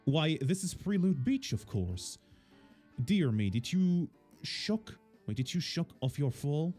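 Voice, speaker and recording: A man's voice: on the high side, sing-song, takes it slowly, dark tone, faint music behind, pitched above the performer's own voice, heavily acted. A man voicing a fussy, polite middle-aged male professor with old-fashioned formal phrasing, reading game dialogue aloud. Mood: fussy politeness.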